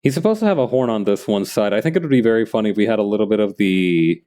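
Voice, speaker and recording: A man's voice: lowish voice, lively intonation, quick pace, mellow. A man chatting casually while he works on a comic, drifting into rambling, musing asides between remarks about his drawing. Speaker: comic artist streaming his work.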